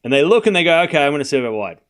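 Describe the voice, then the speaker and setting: Lively chatty male tennis streamer. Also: a little high, racing, clean tone. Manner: chatty, laughs often, talks to chat. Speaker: host. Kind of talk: live tennis watchalong commentary.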